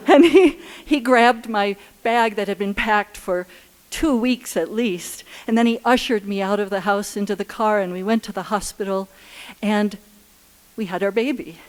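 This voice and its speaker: Live on stage at a story slam, a woman with a mid-range voice tells a personal story. She sounds earnest and unhurried, with halting restarts.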